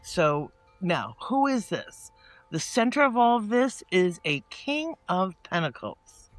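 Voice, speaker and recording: A man with a fairly high voice gives a casual tarot reading in a rambling, chatty way. He circles back and restarts often. The sound is dry and close, with no room around it. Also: slow, no echo, soft background music. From northeastern United States. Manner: chatty and meandering, with many restarts and asides; animated when quoting people in mock-casual voices. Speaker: tarot reader.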